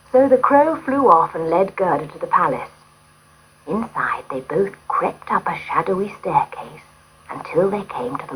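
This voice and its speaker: A woman narrating a storybook in a gentle, expressive way. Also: fairly low pitch, slightly rough, low-quality recording.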